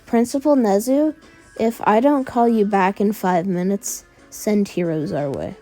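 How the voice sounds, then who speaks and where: A calm, tired male teacher who gives terse orders to his students, voiced by a woman telling a fan story. The sound stays mellow and unhurried. Faint music runs behind. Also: mid-range voice, natural voice.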